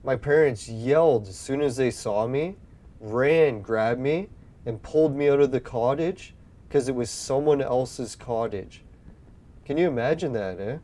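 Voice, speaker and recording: A man's voice: medium pitch, measured pace, dark tone. A young man telling a long childhood story in casual chat while playing a game, rambling and swearing as he acts out his own past words. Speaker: gaming video host.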